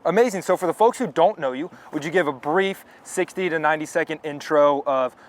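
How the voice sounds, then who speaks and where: Casting: young male student host, fairly high voice, quick and upbeat. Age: young adult. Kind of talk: podcast interview hosting.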